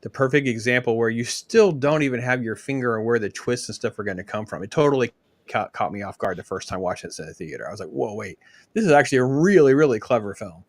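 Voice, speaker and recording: A man's voice: fairly low pitch, fast talker, no echo. A man hosting a casual film discussion, enthusiastic and steering the talk. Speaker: host of a film discussion stream.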